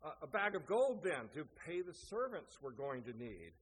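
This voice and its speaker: A man voicing a greedy peasant wife who keeps raising her demands, his voice pushed high. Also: very animated, moderate pace, slightly rough, heavily acted. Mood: demanding. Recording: echoey hall, faint noise.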